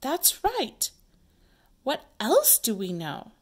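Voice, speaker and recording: Eager, bold girl detective in a kids' play, read by a woman teacher; animated, expressive. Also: high-pitched, extremely slow, slightly rough, pitched above the performer's own voice, heavily acted. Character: curious young girl detective, Lon.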